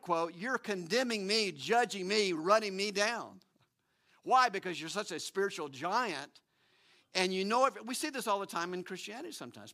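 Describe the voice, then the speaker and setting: A man preaching a sermon as pastor, emphatic and animated, often restarting his phrases. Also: high voice.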